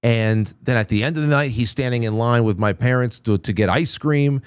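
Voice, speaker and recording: A man's voice: medium pitch, moderate pace, clear, resonant tone, no echo. A man hosting a talk show in casual on-air chat, rambling with lots of restarts and stammers.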